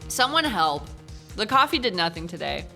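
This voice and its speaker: A woman's voice: lowish voice, very animated, moderate pace, vocal fry, sharp tone. A woman streamer joking and chatting casually while she plays and reads a game aloud. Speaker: gaming streamer. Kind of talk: casual gameplay commentary. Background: game music.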